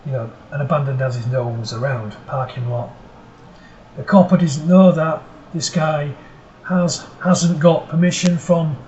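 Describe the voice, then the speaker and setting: A man's voice: medium pitch, darkish tone. A man with a cold, giving skeptical, sarcastic reaction commentary as a host. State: has a cold. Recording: roomy, distant mic, faint noise.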